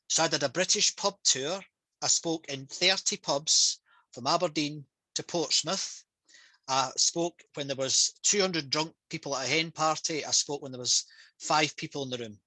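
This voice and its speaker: Bright, passionate Scottish man. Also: fairly high pitch, no echo, poor audio. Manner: passionate, energetic storytelling. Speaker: public speaker and trainer. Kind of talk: casual talk on a video call. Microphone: headset on a video call.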